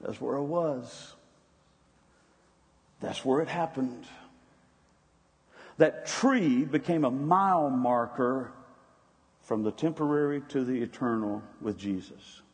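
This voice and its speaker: A man's voice: medium pitch, slow pace, long pauses. A man preaching a sermon in a conversational storytelling way, with restarts and asides. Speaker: pastor. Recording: long reverb.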